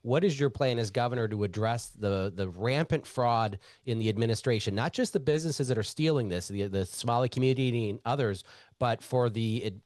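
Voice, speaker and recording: A male radio host with a mid-pitched voice and a dry, close sound. He asks long questions that stall and restart before he lands them. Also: fairly quick, a little mellow, no room sound. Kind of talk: radio interview.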